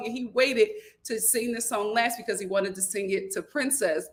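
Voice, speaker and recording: A young woman hosting a casual chat, telling stories in an animated, laughing way. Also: medium pitch, moderate pace, few pauses. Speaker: host.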